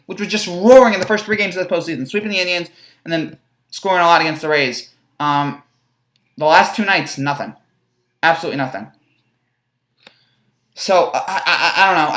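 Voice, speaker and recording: A woman's voice: fairly low pitch, lively intonation, brisk, fairly bright tone. A young woman ranting as a sports fan vlogger, frustrated and rambling, with stammered restarts. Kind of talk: fan reaction rant. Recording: echoey room.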